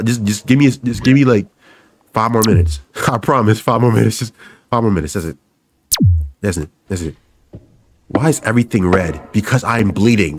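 A young man narrating his horror game run in a nervous, jokey stream of talk, looping the same phrase again and again. His pitch leaps up and down constantly, with faint game music behind him. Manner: panicky, repeats phrases over and over, swears and jokes. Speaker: gaming YouTuber. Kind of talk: horror game let's-play commentary.

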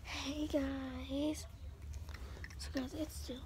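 A woman chatting casually in a home vlog, rambling and often dropping into a hushed whisper. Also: high voice, steady tone, very slow, pauses often. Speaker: vlogger. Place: home bedroom. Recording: noisy home recording with clicks.

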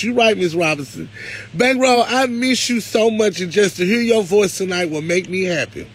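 A man's voice: high voice, moderate pace, poor audio. A man talking to his viewers on a livestream, emotional and close to tears, with a preacherly lift. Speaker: live-stream host.

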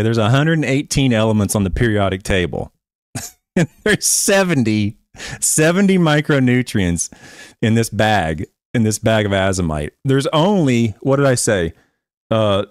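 A man's voice: fairly low pitch, smooth, no room sound, studio quality. A man hosting a lawn care channel, bluntly debunking claims as he reacts to another creator's video.

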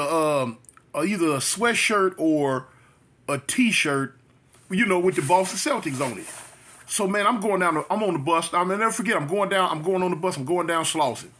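This man's high-pitched voice sounds pushed and bright as he tells his channel a story in a chatty way. A vlogger in his fifties from South Central Los Angeles, he fills the storytime monologue with repetitions and street slang.

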